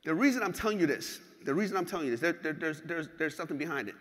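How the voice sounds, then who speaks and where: A man giving a motivational keynote, telling stories in an animated, profane way and acting out scenes. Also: a little high, rapid-fire. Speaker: keynote speaker. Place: large hall. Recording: hall with long reverb.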